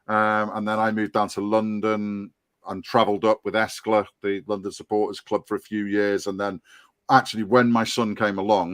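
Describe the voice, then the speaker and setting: A man's voice: fairly low pitch, no echo. Earnest Scouse man in his fifties. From Liverpool and North Wales. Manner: earnest, rambling, with frequent restarts and ums. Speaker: podcast guest, fan board applicant. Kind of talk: casual podcast chat.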